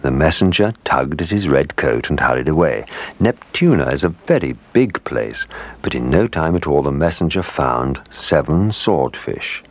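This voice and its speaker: Very deep-voiced, lively male storyteller. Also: normal speed. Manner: lively, expressive read-aloud. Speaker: narrator. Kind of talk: storybook reading.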